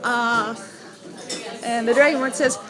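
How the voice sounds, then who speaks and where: Woman, game master, casual, filler-heavy, high voice, crowd chatter behind. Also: fairly even intonation, measured pace. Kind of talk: narrating a tabletop game. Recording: noisy room with crowd chatter.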